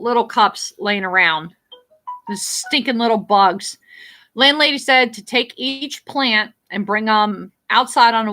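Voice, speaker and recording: Blunt New Jersey woman, bright voice. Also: on the high side. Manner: rambling, blunt, swears freely. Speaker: livestream host. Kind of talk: casual live-stream chat reading viewer comments.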